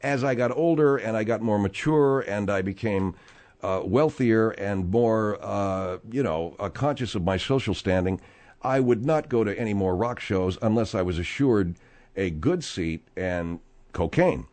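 A man's voice: on the low side, measured pace, a little mellow. A man in his sixties hosting a radio talk show, rambling and joking in a sardonic way with his co-hosts. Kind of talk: casual radio banter.

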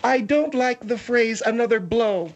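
A man's voice: extremely high pitch, a little slow, lo-fi sound, slight background noise, pitched above the performer's own voice. A man voicing a prim, scolding old lady. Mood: prudish. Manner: indignant, scolding. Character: prim, prudish older woman named Margaret.

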